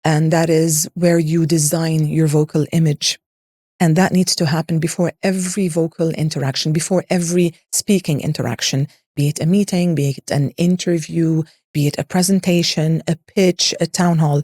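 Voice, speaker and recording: A woman's voice: low voice, fairly even intonation, moderate pace, warm tone, no echo. A woman voice coach explaining ideas in an interview, in an instructive way that uses lists and rhetorical questions. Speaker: voice and public speaking coach.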